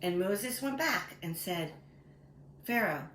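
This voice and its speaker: A woman preschool teacher telling a story to small children in a playful, animated way. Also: medium pitch, a little slow. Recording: roomy echo with faint background noise.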